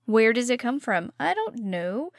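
A woman co-hosting a casual podcast chat, soft-spoken and self-deprecating. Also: on the high side, big pitch swings, a little slow, no echo, studio quality. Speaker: podcast co-host.

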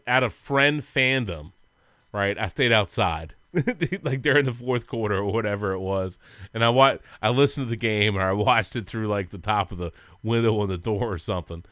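Bright-voiced man telling rambling sports stories. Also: fairly low pitch, smooth, no room sound. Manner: rambling storyteller, laughs often, goofy. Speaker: podcast co-host. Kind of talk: casual sports chat.

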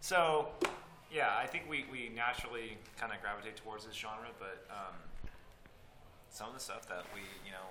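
A man in a band, guest on a podcast, talking casually and haltingly, repeating words as he searches. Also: fairly low pitch. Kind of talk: casual interview chat. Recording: roomy with faint noise.

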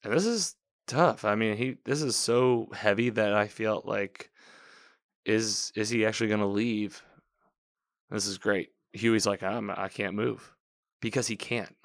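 A man's voice: fairly low pitch, unhurried, dry recording, studio quality. A man casually recapping a TV episode, talking in a rambling way, correcting himself and quoting the characters as he goes.

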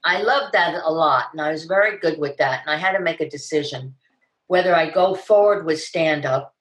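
Animated older actress in an echoey room. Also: female voice, moderate pace. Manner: animated storyteller, acts out quotes with big pitch jumps. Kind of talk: casual interview chat.

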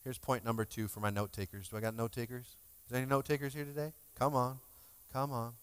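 A man's voice: medium pitch, little pitch movement, quick pace, clear, resonant tone. A male pastor giving a sermon in a conversational, emotional way, joking with his congregation. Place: church sanctuary. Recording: long hall reverb.

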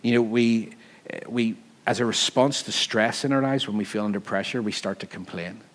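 A man with a Northern Irish accent, preaching a sermon in an animated, joking, conversational way, laughing often as he tells a story. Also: on the low side, normal speed. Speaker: pastor.

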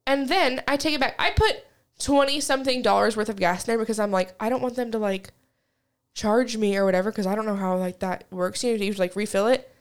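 Blunt, venting young woman, slightly high voice. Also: brisk, clear, resonant tone. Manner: blunt, venting, lots of fillers and swearing. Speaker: podcast co-host. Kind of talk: casual chat.

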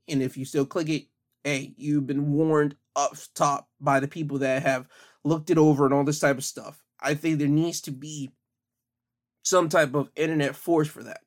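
A man's voice: a little high, flat delivery, moderate pace. A man giving casual commentary on the news, talking conversationally with frequent fillers.

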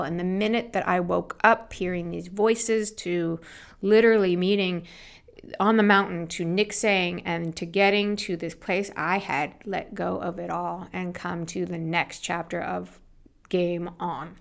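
Gravelly-voiced woman telling her story. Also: on the low side, moderate pace. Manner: animated, acts out quoted voices. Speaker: guest. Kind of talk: storytelling interview.

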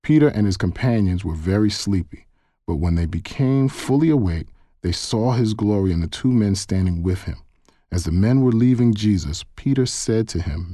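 A man reading a Bible passage aloud in a measured, even way. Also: on the low side, no room sound, studio quality. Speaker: Bible reader. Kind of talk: scripted scripture reading.

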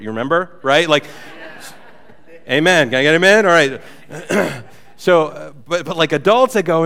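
Man, pastor, conversational sermon, playful animated storyteller, somewhat high voice, long church-hall reverb.

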